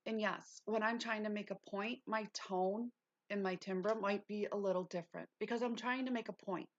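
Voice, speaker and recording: A woman's voice: medium pitch, fairly even intonation, moderate pace, lo-fi sound. A woman hosting a casual livestream lesson, reading notes aloud and breaking off into chatty asides. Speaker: livestream host.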